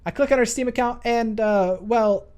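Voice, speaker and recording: A man's voice: extremely high pitch, moderate pace, darkish tone, smooth. A man, a gaming YouTuber, narrating a storytime account with playful, self-correcting asides.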